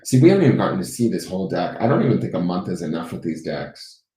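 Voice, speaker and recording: A man giving a live-streamed tarot reading, musing and intuitive, often pausing on fillers and asking "right?". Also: deep voice, very animated, warm tone, reverberant. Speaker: tarot reader.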